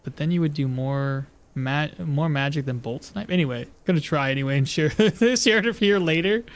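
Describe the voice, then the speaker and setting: A man's voice: fairly high pitch, moderate pace. A man giving casual, rambling gameplay commentary as a streamer, often laughing at himself. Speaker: game streamer.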